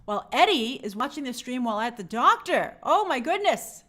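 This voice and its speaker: A woman's voice: high voice, very animated, fairly quick, fairly bright tone. A woman hosting a live stream, chatting casually and greeting viewers by name in an upbeat, friendly way.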